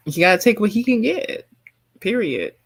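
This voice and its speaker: A woman's voice: mid-range voice, big pitch swings, moderate pace, slightly rough, no room sound. A woman joining an online roast with blunt, casual comments and some laughing. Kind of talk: casual profane chat.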